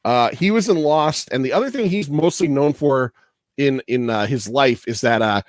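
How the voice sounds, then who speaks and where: A man's voice: medium pitch, expressive, moderate pace, no echo, clean studio sound. A man hosting a podcast, talking casually and profanely, rambling through trivia and laughing often. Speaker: podcast host.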